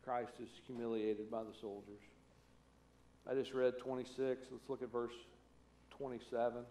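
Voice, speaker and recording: A man's voice: medium pitch, flat delivery, normal speed, mellow, echoey room. A man preaching a conversational sermon as pastor, acting out the voices he quotes. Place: church sanctuary.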